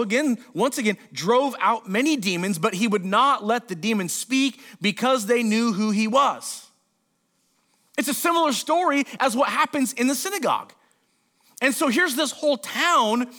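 A man's voice: extremely high pitch, fairly bright tone. A male pastor preaching a sermon, reading scripture aloud and explaining it with casual, joking asides and voiced-out lines.

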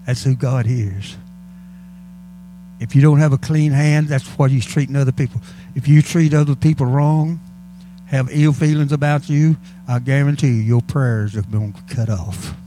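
A man's voice: medium pitch, moderate pace, warm tone, soft background music. A male pastor preaching a sermon in a church, fervent and calling out to the congregation. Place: church sanctuary.

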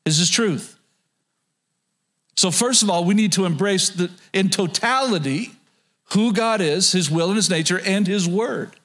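Male pastor, high-pitched, preaching a sermon with repeated phrases and frequent restarts. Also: measured pace, a bit bright. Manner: repeats key phrases, restarts with stammered words.

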